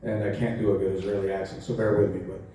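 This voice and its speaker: This actor in his forties is a fast talker with a deep voice, answering fan questions on a convention panel through lively stories. He laughs a lot and acts out quotes, and the sound is distant and echoey, with faint noise from the large hall.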